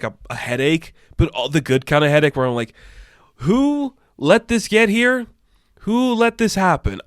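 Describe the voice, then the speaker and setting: A man's voice: fairly high pitch, clear, resonant tone, no echo, clean studio sound. Rambling young man, casual film chat. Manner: rambling, animated, swears, many fillers. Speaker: podcast host.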